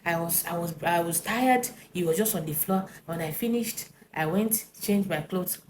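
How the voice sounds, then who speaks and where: Woman, lowish voice, animated personal story, lots of "right?" and fillers. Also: normal speed, slight background noise. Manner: animated, tag questions and fillers.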